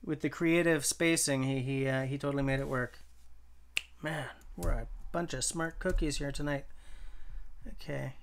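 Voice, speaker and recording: Gravelly-voiced man chatting on a livestream. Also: medium pitch, steady tone, moderate pace, a little hiss or hum. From Canada. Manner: rambling, thinks aloud, reads chat messages and reacts. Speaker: livestream host. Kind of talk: casual live-stream chat with viewers.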